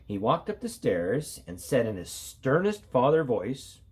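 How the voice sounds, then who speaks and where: Breathy, very expressive male storyteller. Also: mid-range voice, a little slow, hardly any pauses. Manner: expressive, playful, singsong. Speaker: elementary school teacher. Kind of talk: read-aloud storytelling for children.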